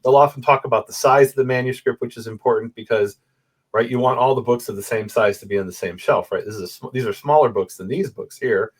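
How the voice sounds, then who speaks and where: The voice is husky and fast, at medium pitch. He is a Bible manuscript scholar guesting in a conversation by video call, a bookshelf photo behind him, animatedly explaining his research step by step and often asking "right?".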